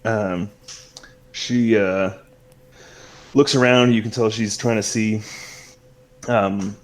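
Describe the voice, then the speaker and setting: Low-voiced game master narrating. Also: male voice, slow pace. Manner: relaxed, with many fillers.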